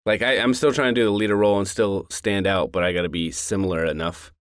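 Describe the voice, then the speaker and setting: A laid-back man with a lowish voice, chatting on a podcast, swearing freely and laughing a lot. The sound is dry and close to the mic. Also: fairly even intonation, quick pace, clear, resonant tone, no echo. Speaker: podcast co-host, voice actor. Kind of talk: casual chat.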